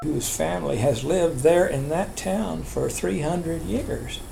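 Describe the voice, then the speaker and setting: Gravelly older man telling family stories. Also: on the high side, slow, warm tone, slight background noise, poor audio. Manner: rambling, chuckling storyteller with restarts. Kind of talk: oral history storytelling.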